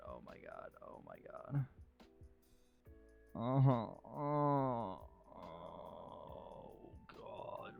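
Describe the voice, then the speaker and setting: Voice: mid-range voice, sing-song, very slow, creaky, pauses often, soft background music. A live streamer chatting casually while drawing, dramatic and self-critical, who swears freely.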